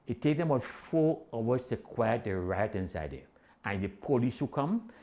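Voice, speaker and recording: An older man with a Trinidadian accent telling a comic story in dialect, animated and acting out the characters. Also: mid-range voice. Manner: animated Caribbean-dialect storytelling with voiced quotes.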